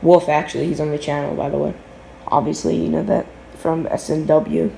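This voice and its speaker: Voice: medium pitch, little pitch movement, a little fast, creaky, mellow, reverberant, a little hiss or hum, low-quality recording. A teenager telling a casual storytime vlog from a home basement, rambling with lots of fillers and restarts.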